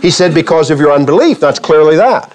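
A man's voice: on the high side, lively intonation, fairly quick, a little mellow. A man preaching a sermon to a church congregation, firing rhetorical questions at the listeners and acting out quoted speech with a touch of humor. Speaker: pastor.

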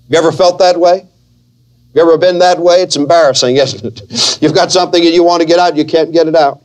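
A man preaching a sermon, slow and earnest, with dramatic pauses between phrases. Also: on the high side.

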